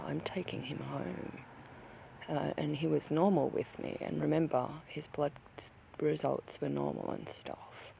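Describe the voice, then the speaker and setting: A vlogger recounting a personal account, upset and grieving, halting with many restarts and sometimes dropping to a whisper. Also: medium pitch, gravelly, background noise.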